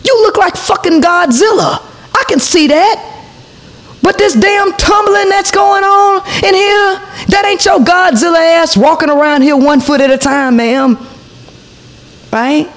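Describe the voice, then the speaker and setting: This forties-aged podcast host has a very high voice and a measured pace. She recounts a heated tale for her viewers, cursing freely and breaking off for frequent remarks to the audience.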